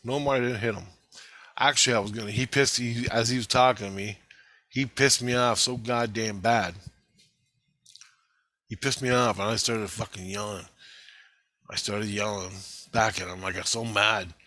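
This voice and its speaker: A man's voice: on the low side, moderate pace, pauses often, dry recording. A man telling a rambling story in a casual vlog, swearing constantly and getting worked up. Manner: profane, excitable, rambling. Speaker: vlogger recounting a vision.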